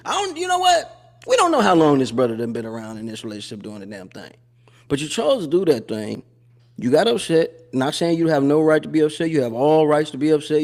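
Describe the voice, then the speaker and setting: Fairly high in pitch, this man delivers a relaxed, lively commentary monologue as host of a live show. He keeps repeating phrases and laughs a lot.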